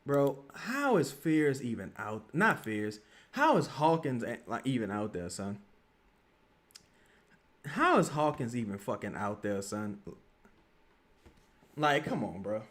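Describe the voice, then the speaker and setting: Profane ranting man, lively swings. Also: mid-range voice, slow pace, long pauses. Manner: profane, frustrated ranting with sudden loud outbursts. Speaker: streamer reacting to a live game. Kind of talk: live game reaction, watch-along.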